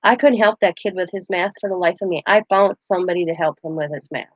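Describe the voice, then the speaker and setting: A woman's voice: on the low side, fast talker, no echo, highs cut off. A middle-aged woman hosting a crafting channel, chatting casually and animatedly as she tells a story, laughing as she goes.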